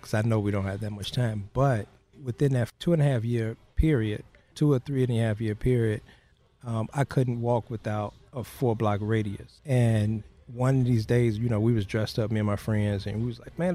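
A man being interviewed, recounting a personal story in a halting way, full of "you know" fillers. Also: medium pitch, mellow. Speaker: interview guest.

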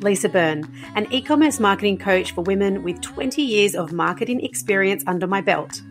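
A middle-aged woman hosts her podcast in a chatty, encouraging tone. Her voice is hoarse from a cold. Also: medium pitch. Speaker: podcast host and marketing coach. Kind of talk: casual podcast talk.

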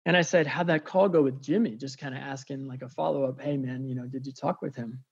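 A man sharing a faith story as an excitable, chatty storyteller, with many fillers. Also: mid-range voice, fast talker, slightly rough, highs cut off. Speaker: faith coach. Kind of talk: animated storytelling testimony.

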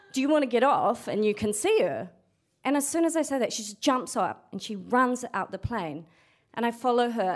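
A young adult woman telling a true story at a storytelling event, frank and sweary, acting out what people said. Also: mid-range voice. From New Zealand. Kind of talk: live storytelling.

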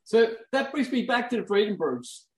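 A man's voice: high voice, sing-song, moderate pace. A man speaking heartfelt, admiring words and putting questions to a guest in an interview. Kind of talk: interview conversation. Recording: roomy echo.

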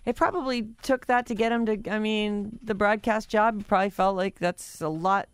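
A woman co-hosting a talk show, reacting with frequent exclamations and quick jokes in casual banter. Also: medium pitch, fairly even intonation, clean tone, dry recording. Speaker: radio show co-host.

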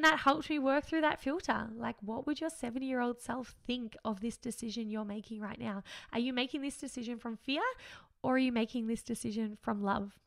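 A woman's voice: fairly high pitch, creaky. A woman, hosting a solo podcast in an earnest, upbeat, reflective way, often laughing. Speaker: podcast host.

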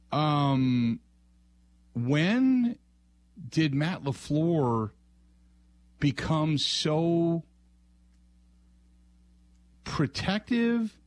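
A man's voice: fairly high pitch, a little hiss or hum. A man hosting a sports call-in radio show, thinking aloud with frequent restarts and trailing phrases. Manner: musing, halting, many restarts.

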